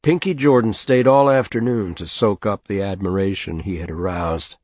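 Man, audiobook narrator, measured storytelling, low voice, dry studio sound. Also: darkish tone, no echo.

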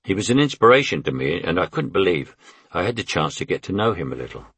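An older man reads his memoir in a deep, husky voice, wry and anecdotal. The sound is dry and close, with no room around it. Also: big pitch swings, fast, fairly bright tone, dry recording. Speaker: memoir narrator. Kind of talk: memoir audiobook narration.

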